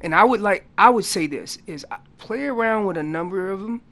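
A man guest on a radio talk show, explaining elk calling in an animated storytelling way that gets loud on key points. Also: sits high, brisk. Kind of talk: casual radio interview.

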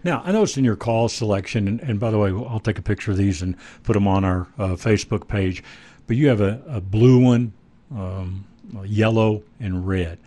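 A man's voice: on the low side, moderate pace, mellow. A man hosting a radio talk show, asking easygoing, rambling questions with plenty of fillers. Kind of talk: casual radio interview.

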